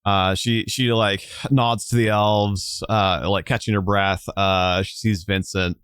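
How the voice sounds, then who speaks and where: A man's voice: lowish voice, level tone, takes it slowly, fairly bright tone, clean tone, no echo, clean studio sound. A man narrating a tabletop game as game master, rambling with many fillers.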